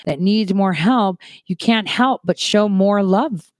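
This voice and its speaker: Woman, online commentator, casual monologue, animated, dry close sound. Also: medium pitch, no echo. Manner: animated, quick shifts from soft asides to emphatic rises.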